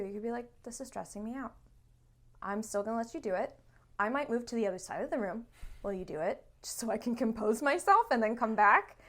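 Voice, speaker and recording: A woman therapist talking casually on a podcast, acting out quotes from clients and kids in an animated way and swearing freely. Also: a little high. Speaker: therapist guest.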